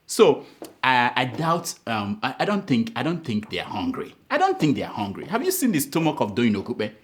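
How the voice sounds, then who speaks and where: A man's voice: medium pitch, huge pitch swings, fairly quick, slight background noise. A man hosting a satirical comedy show, teasing and playful, with big exaggerated interjections. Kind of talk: comic banter and commentary.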